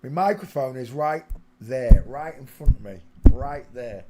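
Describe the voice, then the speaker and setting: A man's voice: mid-range voice, animated, measured pace, background noise. Muttering man live-streaming from home. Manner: muttering, sings snatches of a song. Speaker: channel host. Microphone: small desk microphone.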